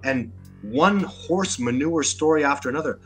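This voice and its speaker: A Canadian-accented Sasquatch researcher, appearing as an interview guest, speaks emphatically and combatively, repeating words as he gets worked up. His voice is a little high and fairly bright, at a moderate pace, with soft music in the background.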